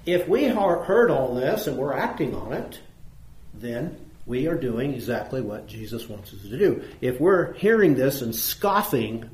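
Questioning preacher in an echoey room. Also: male voice, medium pitch, animated, measured pace. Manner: asks the audience questions, repeats points for emphasis. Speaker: preacher teaching a Bible class. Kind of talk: conversational Bible lesson. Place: church room with audience.

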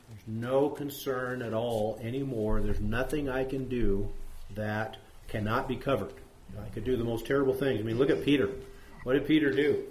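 A man's voice: medium pitch, darkish tone, slight background noise. A man teaches scripture to a small group, his voice sitting in the middle range. He wanders into side stories and keeps asking questions. The room around him rings with echo. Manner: rambling, asks the group questions, many fillers. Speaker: Bible teacher. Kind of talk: conversational Bible study sermon. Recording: echoey room.

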